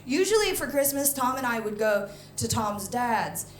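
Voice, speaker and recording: A woman performing a stand-up comedy set, animated, jumping into loud high mock voices for punchlines. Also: normal speed, a little hiss or hum. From United States. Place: comedy venue stage. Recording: echoey live venue, faint ambience.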